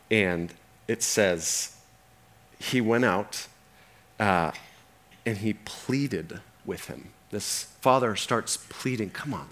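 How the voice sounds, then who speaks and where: A male pastor preaching a sermon, telling the story with animation and acting out its characters. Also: on the low side.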